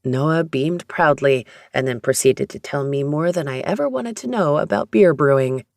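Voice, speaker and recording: An audiobook narrator reading a first-person romance story in a steady, even storytelling manner. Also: mid-range voice, normal speed, dry recording, clean studio sound.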